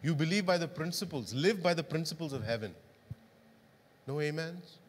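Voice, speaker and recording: A man's voice: on the high side, lively intonation, moderate pace, a little hiss or hum. A male pastor preaching a sermon, often asking the congregation questions. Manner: interactive, asks the congregation questions. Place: church hall. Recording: long hall reverb.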